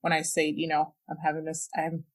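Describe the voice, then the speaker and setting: A woman's voice: low-pitched, completely flat delivery, a little fast. A young woman, a podcast guest, frankly and emotionally recounting a personal experience, with many "like"s and "you know"s. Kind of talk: candid personal storytelling.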